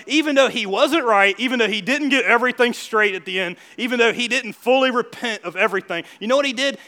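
A man preaches a sermon in a lively, conversational way, laughing along and pressing his points. His voice sits high for a man and rings with a bright, forceful edge. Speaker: pastor.

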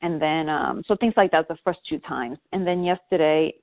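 Low-voiced woman on a tinny phone line. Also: normal speed, no room sound. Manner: rambling, self-reflective, frequent fillers and restarts. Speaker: parent seeking guidance. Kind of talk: candid conversational call.

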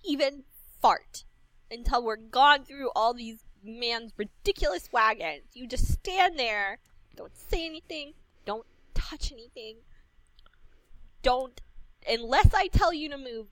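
A woman player in a tabletop game, brash and foul-mouthed, with a high, bright, sharp voice. The recording is dry and close. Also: animated, takes it slowly, dry recording, poor audio. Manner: brash, profane, exasperated.

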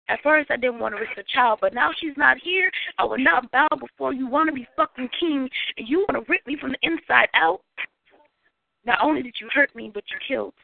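A woman's voice: a little high, creaky, no echo. A woman performing spoken-word poetry with a raw, confrontational delivery over a phone line.

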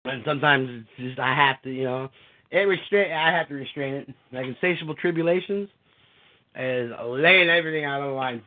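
A man hosting a show, swearing and laughing as he chats and reads his own dark poetry. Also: mid-range voice, fairly quick. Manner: profane, laughing, rambling. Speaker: podcast host and poet. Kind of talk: casual chat and poetry reading. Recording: tinny phone-like sound.

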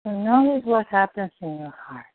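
A woman guiding someone through a heart-centered coaching session, speaking softly and slowly to reassure him. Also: mid-range voice, animated, no room sound. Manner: soft, slow, reassuring. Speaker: guide. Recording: dry phone-like line.

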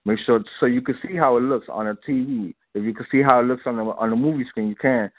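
A man's voice: medium pitch, steady tone, fast, no echo. Talkative man on a tinny phone line. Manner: loose and talkative, repeats himself, laughs often. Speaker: guest filmmaker. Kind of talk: casual interview on a call-in radio show.

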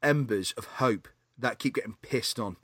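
A man co-hosting a podcast, chatting casually about films, laughing often and animated. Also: medium pitch, normal speed, slightly rough, no room sound, clean studio sound. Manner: animated, laughs often, acts out film scenes. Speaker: podcast co-host. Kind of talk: casual film chat.

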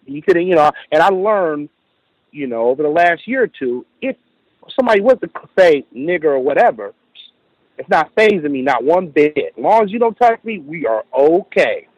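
A man's voice: on the high side, breathy edge, no echo, poor audio. A man calling in to tell a story from work, acting out the lines of others and often saying "you know". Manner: animated retelling with quoted dialogue, frequent "you know". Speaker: caller. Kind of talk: casual storytelling.

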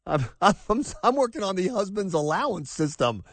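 A man hosting a talk radio show, excitable and exasperated, stammering and restarting as he talks in a studio. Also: high voice, moderate pace, dry recording.

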